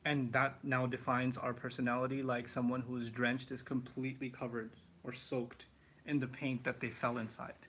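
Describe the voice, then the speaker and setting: A man teaching the Quran in a live question-and-answer session, explaining with lively asides and rhetorical questions. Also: medium pitch, normal speed, slight background noise. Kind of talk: live Q&A lesson.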